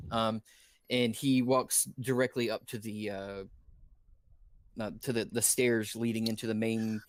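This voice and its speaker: A man narrating a tabletop game as dungeon master, halting often with fillers. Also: medium pitch, no room sound. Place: indoor stream room.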